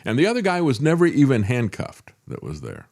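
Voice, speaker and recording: A man hosting a talk show, delivering indignant political commentary with emphatic, forceful phrasing. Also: mid-range voice, huge pitch swings, brisk, gravelly.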